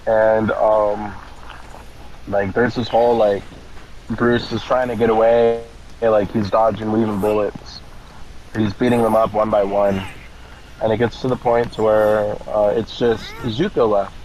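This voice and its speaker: Slow-talking man, rambling gamer chat. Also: fairly low pitch, little pitch movement, a little mellow, lo-fi sound, slight background noise. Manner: rambling, swears a lot, frequent laughs. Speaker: gaming commentator. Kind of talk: casual rambling retelling.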